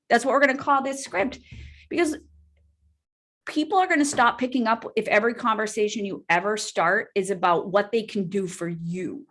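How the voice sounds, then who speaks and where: A woman trainer talks a group through a lesson on a video call. Her voice sits a little high, and her delivery is upbeat. She keeps tossing "right?" back at her listeners. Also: normal speed. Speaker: real estate trainer.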